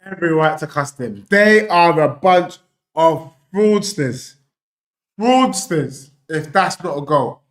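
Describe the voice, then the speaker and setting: A young man hosting a live football watchalong, bantering excitedly and reading out viewer messages. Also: a little high, takes it slowly. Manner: excitable, animated banter, reads out super chats.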